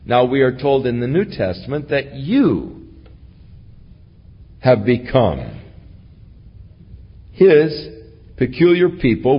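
A male pastor with a husky, unhurried voice and lively pitch preaches an expository sermon, reading scripture aloud and then explaining it verse by verse. The recording is dull with long reverb.

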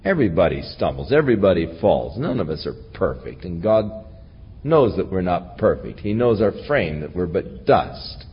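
A man preaching a sermon, teaching earnestly from scripture. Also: husky. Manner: slow, earnest Bible teaching with lively rises in pitch. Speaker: pastor. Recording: lo-fi recording with long hall reverb.

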